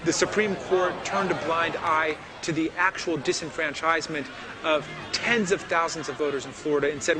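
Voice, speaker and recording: A man's voice: a little high, fairly even intonation, normal speed, music in the background. A man interviewed for a documentary, arguing in an emphatic way. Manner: emphatic, argumentative.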